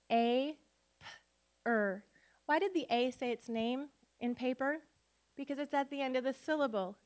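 Woman teacher sounding out spelling words. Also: high voice. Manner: sounds words out slowly, asks the audience questions. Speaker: literacy teacher and conference speaker. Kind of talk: workshop talk with spelling dictation. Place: conference room before an audience.

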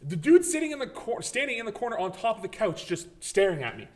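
Excitable man telling a gaming story. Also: high voice, fast talker. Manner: animated storytelling, swears freely, acts out his own reactions. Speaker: podcast co-host. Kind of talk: casual gaming chat.

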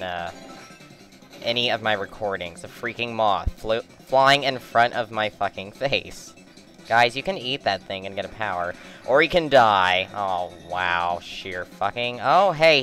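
A man's voice: fairly low pitch, fairly bright tone. A young man giving rambling, joking gameplay commentary, swearing at the bosses as he plays. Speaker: let's play commentator.

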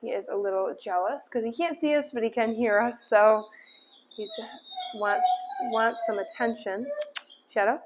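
The recording is very noisy. A woman with a slightly high voice, speaking unhurriedly, works as a dog trainer indoors, explaining every step and giving the dog brief commands, cheerful praise and firm cues.

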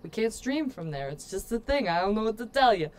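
A woman's voice: on the high side, sing-song, a little fast. Playful woman streamer chatting with viewers. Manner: playful, joking asides to chat; chatty, addresses viewers often. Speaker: game streamer. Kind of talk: casual let's-play commentary.

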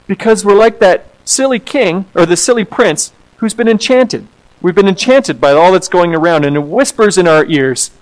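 A man, an associate pastor, preaching a sermon in an animated way, acting out quoted voices and repeating words as he goes. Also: high voice, normal speed, poor audio.

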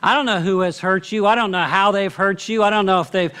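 Earnest higher-voiced pastor preaching. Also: male voice, fairly quick, clean tone. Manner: earnest storytelling, wide swings between animated and hushed. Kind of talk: sermon. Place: church auditorium.

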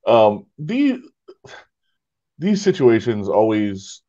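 A man's voice: lowish voice, drawn-out words, dull audio. A man co-hosting a casual podcast, sarcastic and mocking, acting out what others say. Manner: sarcastic, animated impressions of others. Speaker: podcast co-host. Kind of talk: casual chat.

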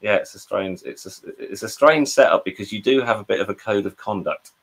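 A man's voice: on the low side, fairly quick. An English man, a drummer, talking over a video call and telling rambling anecdotes with quoted voices and frequent restarts. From England. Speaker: guest, drummer. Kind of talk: casual storytelling interview.

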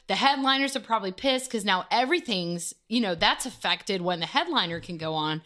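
Bright-voiced, foul-mouthed woman storyteller. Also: medium pitch, normal speed, few pauses. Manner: profane, animated storyteller. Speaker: musician guest. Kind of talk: casual storytelling interview.

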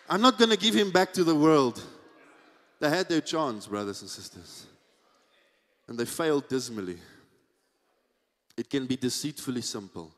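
A pastor preaching a sermon, swinging between hushed asides and shouted peaks. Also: male voice, mid-range voice, lively intonation, normal speed, pauses often. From South Africa. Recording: church hall with long reverb.

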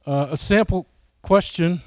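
A man's voice: high-pitched, a little slow, a little mellow, no room sound. A man giving a casual, folksy presentation to his flying club, often asking the audience questions.

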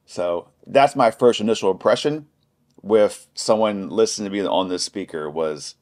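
A man's voice: on the low side, normal speed, a little mellow. A man hosting a casual product review, talking in a chatty, anecdotal, informal way.

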